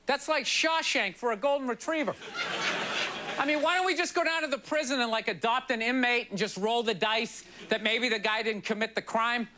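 Ranting stand-up comedian, loud audience. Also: male voice, very high voice, a little fast, few pauses, a crowd in the background. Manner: rambling, exasperated ranting with "you know" asides. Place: television studio stage with live audience. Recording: broadcast stand-up with loud audience laughter and noise.

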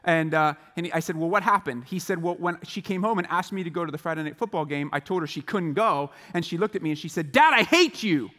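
A man giving a motivational chapel talk to students, animated and acting out the voices of the people in his stories. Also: fairly high pitch, quick pace, hardly any pauses, in a large hall. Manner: animated, acts out quoted voices. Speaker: chapel speaker. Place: large school chapel hall.

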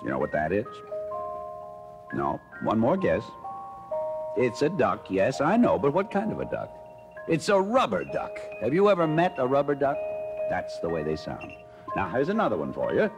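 A jolly old Santa Claus chuckles and coaxes children through a guessing game in a gravelly, slightly high voice that leaps all over its range. It sounds like an old mono children's LP, with music playing behind him. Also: male voice, huge pitch swings, moderate pace, pauses often. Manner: hearty, chuckling, coaxing children. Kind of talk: 1950s children's record acting.

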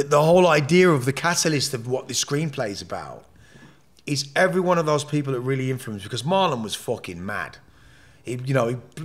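A man, talking candidly in a podcast interview. He swears constantly, jumps between loud outbursts and low mutters, and restarts his sentences as the stories pour out. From England. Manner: animated, profane, rambling with frequent restarts. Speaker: podcast guest.

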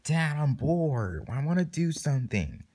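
A man's voice: on the high side, big pitch swings, a little slow, a little mellow, pitched above the performer's own voice. A man voicing Chicky, a whiny and impatient little chick child who pleads with his dad.

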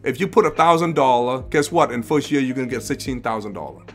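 A man's voice: mid-range voice, expressive, fast talker, fairly bright tone, faint music behind. A man hosting an investing livestream in a casual, rambling way, with restarts and rhetorical questions. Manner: rambling, repeats phrases, asks rhetorical questions.

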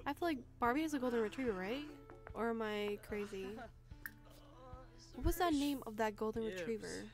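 A woman's voice: on the high side, lively intonation, moderate pace. A young woman casually commenting on her life-sim gameplay, chatty and giggly, talking straight to her viewers. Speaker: gaming video creator. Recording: music playing under the voice.

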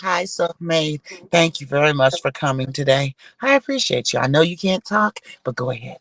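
A woman's voice: low voice, expressive, moderate pace, a bit bright, no room sound, rough recording. A woman hosting a casual livestream, talking bluntly and swearing freely as she scolds her guests. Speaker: livestream host.

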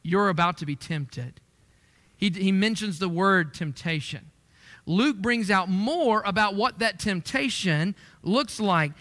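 Guy preaching in a church, bright high voice, lots of hall echo. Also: takes it slowly. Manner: conversational preaching, rising for emphasis on quoted verses. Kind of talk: sermon. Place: church sanctuary.

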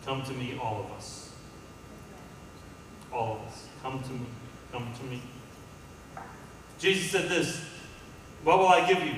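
A man's voice: mid-range voice, expressive, unhurried, long pauses, a bit bright, slight background noise. A man preaching a sermon as pastor, calling out to the congregation and building to emphatic peaks. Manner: call-and-response, rising to emphatic peaks. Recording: echoey hall from far off.

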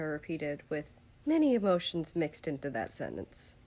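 A woman reading fan fiction aloud as a steady storyteller. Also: sits low, unhurried, hardly any pauses. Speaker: fanfiction reader.

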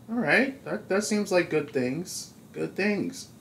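A man's voice: high-pitched, expressive, slow pace, gravelly, few pauses, fairly bright tone, a little hiss or hum, poor audio. A man hosting a video game playthrough, chatting along and reading the on-screen text aloud. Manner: chatty, reads on-screen text aloud, comments on small details. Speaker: gaming channel host. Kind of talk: let's play commentary.

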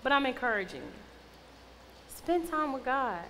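A woman's voice: high-pitched, lively intonation, normal speed, sharp tone. A young adult woman giving a casual youth sermon as a youth minister. She talks in a conversational, playful, teasing way. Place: church youth hall. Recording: long reverb, faint noise.

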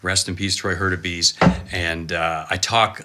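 A man in his fifties, a cameraman guest telling animated, excitable stories full of exclamations. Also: sits low, a little slow, slight background noise. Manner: excitable, dramatic storyteller with exclamations and laughs.

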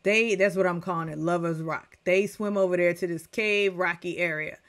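A middle-aged woman reviewing a TV episode in a casual rant, chatty and animated as she talks straight to her viewers. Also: on the low side, moderate pace. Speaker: TV recap reviewer.

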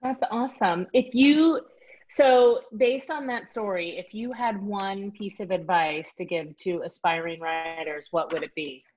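A woman hosting an interview reacts warmly and asks her questions in a bubbly, encouraging way. Her voice sits in an ordinary middle pitch, and the recording sounds dull and lo-fi. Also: steady tone, unhurried. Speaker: interview host. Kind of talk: casual interview chat.

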